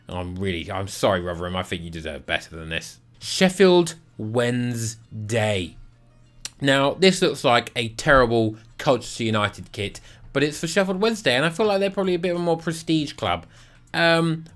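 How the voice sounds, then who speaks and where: A man's voice: medium pitch, a bit bright. A man casually reviewing football kits, blunt and sarcastic with lots of swearing. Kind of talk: casual rating vlog.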